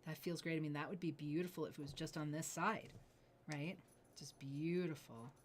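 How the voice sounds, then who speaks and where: A woman hosting a live jewelry sale, gushing over each piece and often dropping to breathy near-whispers as she admires it. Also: low-pitched, fairly even intonation, normal speed, slight background noise. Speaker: jewelry sales host. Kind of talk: live shopping presentation.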